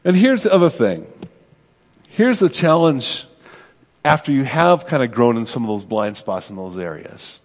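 A man's voice: medium pitch, big pitch swings, normal speed, in a large hall. A middle-aged man, a pastor, preaching a sermon in a conversational, self-deprecating way, often checking in with "right?".

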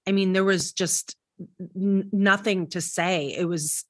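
A woman co-hosting a podcast, telling a story in casual, animated chat with many restarts. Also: mid-range voice, takes it slowly, no room sound, clean studio sound. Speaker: podcast co-host.

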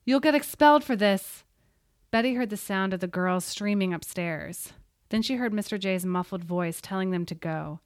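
A woman reading a story aloud in a steady, suspenseful voice. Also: fairly low pitch, normal speed, no echo, studio quality. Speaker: audiobook narrator. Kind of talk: scripted narration.

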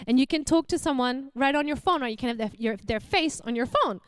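An Australian woman in her young adult years gives a church sermon in a high, clear voice. She speaks warmly and conversationally, asking the congregation questions. The sound is close and dry. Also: a little fast, no echo. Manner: warm, animated, laughs often, asks the audience questions. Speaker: preacher.

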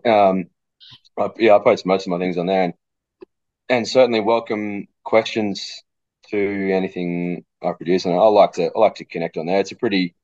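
Deep-voiced Aussie male coach guest, dry close sound, thoughtful, coughing now and then. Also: fairly even intonation, moderate pace, darkish tone, no echo, muffled recording. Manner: thoughtful, repeats words as he thinks. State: coughing fit. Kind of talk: casual interview chat.

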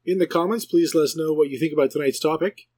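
A man's voice: fairly high pitch, fast, darkish tone, breathy edge, no room sound. A middle-aged man co-hosting a podcast in easygoing, joking casual chat. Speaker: podcast co-host.

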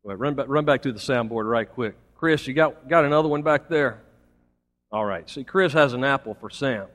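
A man at normal speed, his voice mid-range and a little bright, preaches as pastor on a Sunday. Folksy side comments to the congregation break up his build toward emphatic points, echoing with long hall reverb in the sanctuary.

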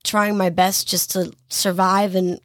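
A woman on a podcast telling her story in an emotional interview, halting and apologetic, close to tears. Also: mid-range voice, flat delivery, no echo. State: on the verge of tears. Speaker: podcast guest. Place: podcast studio under lights.

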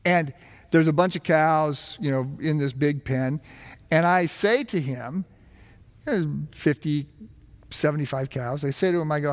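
A man's voice: fairly high pitch, a little slow. A middle-aged man from the United States, a pastor telling a story in his sermon, chatty, with self-deprecating humor and frequent fillers. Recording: long hall reverb.

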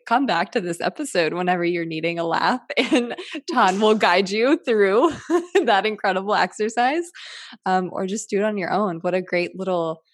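An effusive woman hosts a podcast from her home, gushing and swearing casually as she speaks to listeners. Her voice sits at an ordinary middle pitch. The sound is dry and close, with no room echo. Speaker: podcast host.

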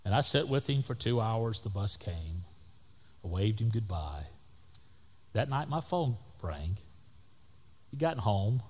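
A man, a pastor telling a story in a sermon, folksy, swinging between loud and soft. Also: lowish voice. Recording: long hall reverb.

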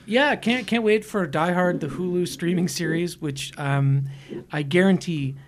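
A man's voice: sits high, unhurried, slight background noise. A man co-hosting a movie podcast in casual, joking chat, laughing often. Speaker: podcast co-host.

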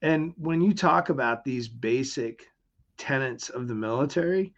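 A man's voice: medium pitch, lively intonation, a little slow, lo-fi sound. A middle-aged man with an upbeat, motivational way of talking, speaking as a guest in a conversational interview. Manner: upbeat and motivational, acts out quoted voices.

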